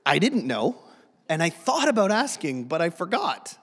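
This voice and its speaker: A man's voice: sits high, big pitch swings, moderate pace, a bit bright, breathy edge, in a large hall. A man preaching a humorous sermon to a church, self-deprecating and joking, often restarting his sentences. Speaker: guest pastor. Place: church sanctuary.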